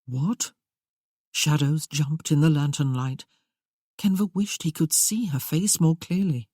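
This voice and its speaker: A woman reads a romance novel aloud in a measured, steady way. Her voice sits low with a warm, mellow tone. The recording is dry and close, with no room sound. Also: no room sound. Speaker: audiobook narrator. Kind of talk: scripted romance narration.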